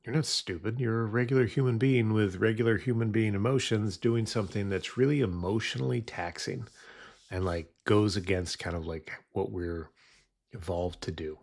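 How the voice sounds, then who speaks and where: Gravelly and darkish in tone, his lowish voice runs at a normal speed. The man is a futures trader on a live stream, musing casually about trading psychology and leaning heavily on fillers.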